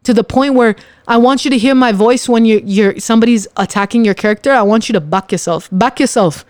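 Smooth, emphatic podcast host, dry sound. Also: mid-range voice, fairly quick, no echo. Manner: emphatic, repeats phrases for punch; addresses listeners directly. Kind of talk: casual motivational monologue.

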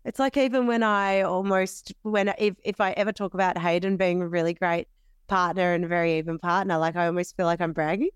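A woman's voice: fairly low pitch, fairly even intonation, brisk, clean tone, dry recording. A young Australian woman co-hosting a podcast in casual chat, talking things through aloud and laughing easily. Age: young adult. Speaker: podcast co-host.

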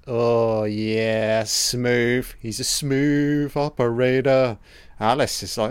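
A man's voice: mid-range voice, takes it slowly, clean tone, no room sound. A man giving a casual, profane audio commentary over a film, joking and talking back at the characters.

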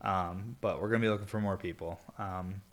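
Stoned, rambling laid-back man, low voice. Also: fairly even intonation, a little fast. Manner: rambling and laid-back, heavy filler words, swears freely. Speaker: podcast host and glass blower. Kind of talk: solo podcast casual chat.

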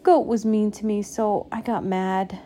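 A woman voicing a sulky female pig in a storybook, high, whiny and snuffling. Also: fairly even intonation, unhurried, dark tone, a little hiss or hum, natural voice. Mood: sniffling.

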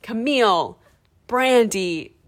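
A young woman co-hosting a podcast, chatting excitedly and gossiping about reality television, swearing freely. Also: fairly high pitch, takes it slowly. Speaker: podcast co-host. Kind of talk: casual chat.

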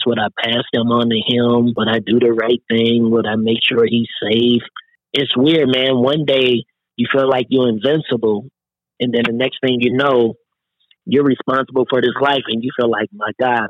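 A man's voice: mid-range voice, dry recording. Earnest middle-aged man, dull lo-fi sound. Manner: earnest, peppers speech with "man". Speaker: guest. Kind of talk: casual interview talk.

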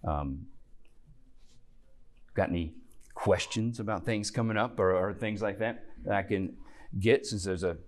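A man's voice: on the low side, unhurried, long pauses. A man teaching a Bible class, explaining earnestly and stopping to restart his sentences. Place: church classroom.

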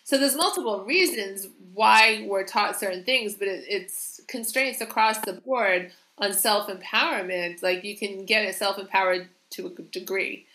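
An earnest woman co-hosting a spiritual talk, her voice bright and forceful. She restarts her sentences often and laughs between thoughts. The room around her sounds echoey. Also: medium pitch, normal speed, hardly any pauses. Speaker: co-host. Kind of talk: casual spiritual chat.

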